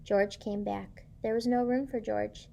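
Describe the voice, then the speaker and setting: A woman's voice: mid-range voice, steady tone, a little slow, vocal fry, a little hiss or hum. A woman teacher reading a picture book aloud to children and stopping to ask them questions. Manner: asks children questions, gentle and encouraging.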